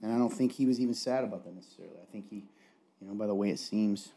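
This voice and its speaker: A man's voice: on the low side, rapid-fire, mellow, slightly rough. A young man co-hosting a podcast in easygoing casual chat, often trailing off mid-sentence. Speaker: podcast co-host.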